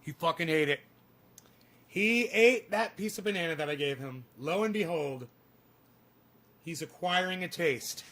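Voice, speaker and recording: A man's voice: fairly high pitch, expressive, measured pace, long pauses, a bit bright. Sing-song man chatting to his dog. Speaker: streamer. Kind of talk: casual livestream chat.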